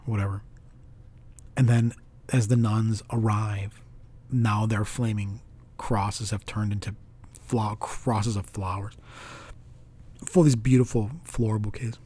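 A man casually reviewing a film in a rambling monologue, full of restarts and animated retelling. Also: fairly low pitch, unhurried, pauses often, breathy edge.

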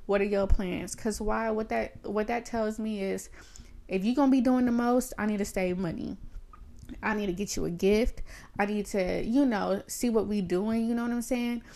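A woman's voice: medium pitch, moderate pace, vocal fry, warm tone. A woman in her thirties hosting a podcast, ranting in a blunt, profane, emphatic casual style. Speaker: podcast host. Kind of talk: casual solo rant.

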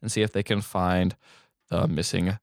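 A man's voice: low voice, little pitch movement, moderate pace, gravelly, no room sound, clean studio sound. A man co-hosting a podcast, casually recapping a horror movie with jokes and silly voices. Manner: jokey, recaps plot with silly put-on voices. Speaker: podcast co-host.

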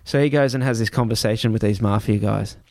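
A man's voice: on the low side, fast talker, darkish tone, no room sound. Swearing man telling a tense story. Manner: heavy swearing, vivid re-telling with restarts. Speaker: guest. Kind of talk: casual spoken storytelling. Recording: dry close sound.

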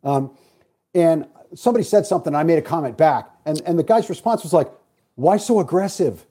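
Blunt middle-aged man, dark husky tone, quick profane storyteller. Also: a little high, animated. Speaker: podcast guest. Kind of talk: casual storytelling chat.

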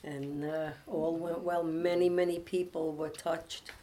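Earnest older woman, low and soft. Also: level tone, measured pace. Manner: soft, earnest, rising to fervent emphasis. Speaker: pastor's wife and co-host. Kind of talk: testimony, then reading a devotional.

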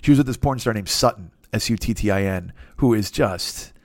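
A man's voice: fairly low pitch, brisk, no room sound, clean studio sound. A man doing a profane, rambling comic monologue as a podcast host, slipping into mocking voices. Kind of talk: crude comedic monologue.

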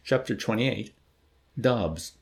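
Expressive low-voiced man reading aloud. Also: slow, creaky. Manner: expressive reading, acting out dialogue. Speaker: book club reader. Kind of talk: reading a novel aloud with discussion.

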